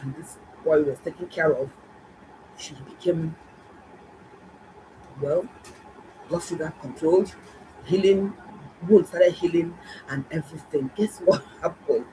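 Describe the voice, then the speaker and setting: A middle-aged woman, a doctor, telling viewers a story in a casual, animated and exclaiming way. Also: sits low, unhurried, long pauses, a little hiss or hum, low-quality recording. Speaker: doctor and health vlogger.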